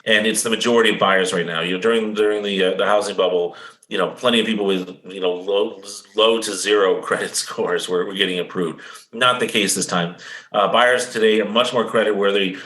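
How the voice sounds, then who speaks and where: Fast-talking economist man, echoey room. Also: lowish voice, fairly even intonation, fairly bright tone. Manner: fast, confident, lecturing, seeks agreement with "right?". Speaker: economist guest. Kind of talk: explanatory interview talk.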